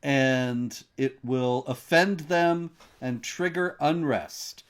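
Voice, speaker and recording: A man hosting a news commentary discussion, laying out stories in a measured, reporting style with fillers. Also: mid-range voice. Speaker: host.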